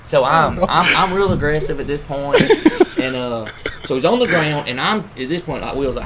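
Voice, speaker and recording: A man telling a story among friends, animated, laughing often and acting out what others said. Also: fairly high pitch, moderate pace, crowd noise. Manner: animated, laughing, acts out quoted lines. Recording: noisy room ambience.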